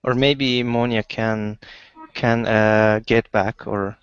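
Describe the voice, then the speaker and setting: Hesitant male student, very slow, smooth clear voice, muffled call audio. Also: fairly low pitch, fairly even intonation, dry recording. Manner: hesitant, halting. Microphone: video call.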